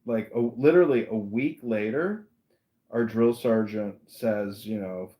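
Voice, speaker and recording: A man hosting a podcast, telling a story in a casual, animated way and acting out the voices. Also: lowish voice, unhurried. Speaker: podcast host. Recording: roomy echo.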